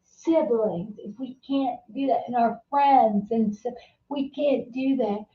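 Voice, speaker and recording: A woman hosting a casual live-stream chat. She talks in a halting way, often repeating words and restarting her sentences. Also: a little high. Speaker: host. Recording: distant, roomy and dull-sounding.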